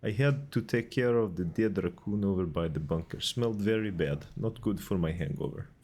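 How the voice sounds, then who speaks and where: A man's voice: sits low, normal speed, darkish tone. A man voicing a cheerful, hungover Russian man with a jolly, exaggerated Russian accent. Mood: gleeful.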